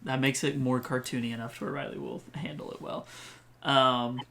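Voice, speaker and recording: A man's voice: medium pitch, level tone, normal speed, creaky, fairly bright tone. A man playing a tabletop game, talking casually and hesitantly and laughing often. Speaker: player.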